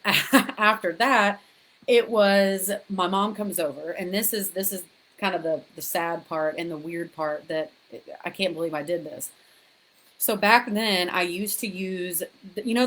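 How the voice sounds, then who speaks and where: A woman's voice: fairly low pitch, fairly bright tone. A woman frankly recounting her own experiences to viewers in a chatty, direct way, often restarting and repeating words as she talks. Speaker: author sharing her story. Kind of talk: candid personal storytelling to camera.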